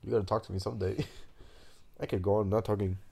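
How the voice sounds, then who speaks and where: A young man co-hosting a podcast in a bedroom, chatting casually with his sister, blunt and quick to swear and laugh. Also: on the low side, fairly even intonation, creaky, darkish tone, slightly rough. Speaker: podcast co-host. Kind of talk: casual sibling chat. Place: bedroom, sitting on a bed.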